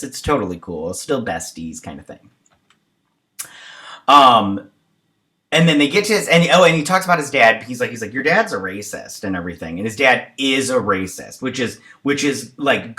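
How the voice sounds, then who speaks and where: A man with a bright, forward voice talks through a TV episode in a loose, chatty recap. He rambles, stacks fillers, and drifts off on side tangents before circling back. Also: medium pitch. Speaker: show reviewer.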